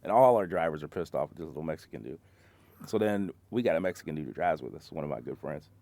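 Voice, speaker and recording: A man's voice: rumbling low, expressive, fast talker, vocal fry, dark tone. A man in casual bar talk, telling profane stories about his job as a concrete truck driver and acting out his coworkers.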